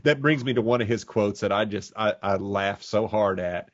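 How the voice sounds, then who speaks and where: A man co-hosting a casual movie review chat in a relaxed, agreeable way. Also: lowish voice, normal speed, no echo. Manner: relaxed, agreeable, short replies. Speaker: podcast co-host. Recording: dull lo-fi audio.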